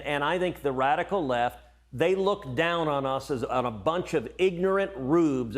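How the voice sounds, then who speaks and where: A middle-aged man, a senator guest on a cable news interview, speaking emphatically and often repeating words as he starts sentences. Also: a little high.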